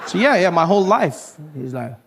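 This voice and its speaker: A man performing stand-up on a comedy stage, telling stories with animated, self-mocking delivery. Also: high-pitched, normal speed, vocal fry, slight background noise. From South Africa.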